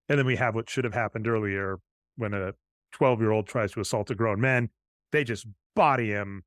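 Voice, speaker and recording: Guy on a podcast going through a movie scene by scene, mid pitch, dead dry sound. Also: moderate pace, a bit bright, dry recording. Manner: retells scenes with quoted lines, conversational. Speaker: podcast co-host. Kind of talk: casual chat recapping a film.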